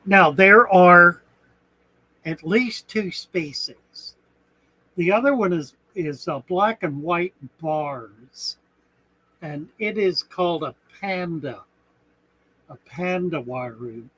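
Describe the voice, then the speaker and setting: A man with a husky, bright edge to his voice hosts a casual live stream. He talks slowly and rambles, thinking aloud as he looks things up. His tone stays easygoing. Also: high-pitched, poor audio. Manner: rambling, chuckling, thinks aloud while searching. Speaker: aquarium channel host.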